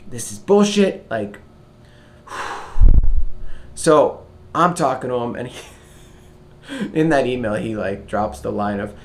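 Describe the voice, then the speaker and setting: A young man telling a story to camera in a casual vlog rant, swearing freely and swinging between loud outbursts and low mutters. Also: takes it slowly, long pauses, slight background noise. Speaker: vlogger.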